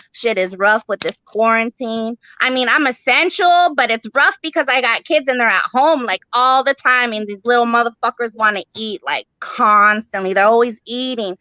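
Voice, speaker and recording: Brash, bright-voiced profane woman comic. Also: fairly high pitch, dry recording, poor audio. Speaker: stand-up comic. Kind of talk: stand-up set.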